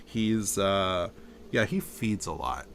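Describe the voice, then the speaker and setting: Man, podcast host, lively swooping pitch, rambling restarts, faint background hiss. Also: slow pace. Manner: animated, rambling with many restarts. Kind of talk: casual podcast chat.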